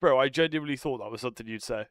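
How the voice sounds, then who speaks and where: A man's voice: medium pitch, rapid-fire, dry recording, studio quality. A young man bantering casually with friends as a streamer, teasing, swearing and laughing often.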